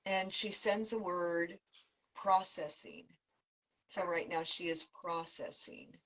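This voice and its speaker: A woman hosting as an animal communicator, giving a gentle, soft-spoken reading about a client's pet. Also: fairly low pitch, takes it slowly, rough recording. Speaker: animal communicator, podcast host.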